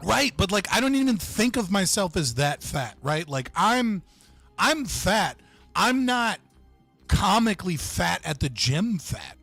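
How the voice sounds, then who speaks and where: A young man with a slightly high voice tells a story on his livestream, rambling through restarts, fillers and swearing. The sound is dry and close to the mic, with faint music behind him. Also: sing-song, unhurried, creaky, a bit bright, dry recording. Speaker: livestream host.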